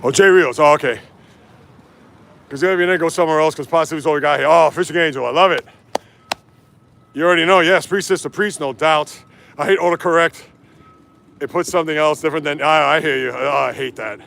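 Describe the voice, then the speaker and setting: A livestream host runs along city streets, chatting casually into his handheld phone and reading viewers' comments aloud, reacting to each in turn. His male voice is high, gravelly and frying at the edges, a bit bright, with a brisk pace broken by long pauses.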